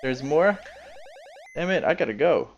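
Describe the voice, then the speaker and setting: A man's voice: fairly high pitch, lively intonation, measured pace, lo-fi sound. A man casually commenting while playing a retro video game, chatty and talking to himself as he plays. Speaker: gameplay commentator. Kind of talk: casual let's play commentary.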